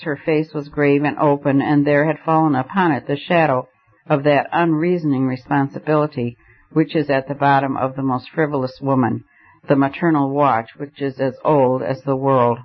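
A man reading a novel aloud in measured, storytelling narration. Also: mid-range voice, steady tone. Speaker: audiobook narrator. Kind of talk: scripted narration. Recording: dull lo-fi recording.

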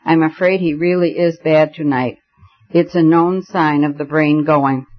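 A worried young gentleman speaks in short, urgent bursts, read by a man. His voice sits fairly high. The recording sounds a little dull and muffled. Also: steady tone, a little slow, lightly acted. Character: anxious young gentleman climbing a tree.

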